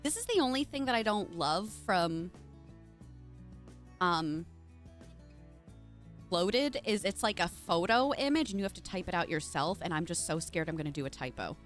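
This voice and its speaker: A woman's voice: lowish voice, very animated, normal speed, long pauses, faint music behind. A young adult woman streaming live, chatting casually and greeting viewers by name in a bubbly way.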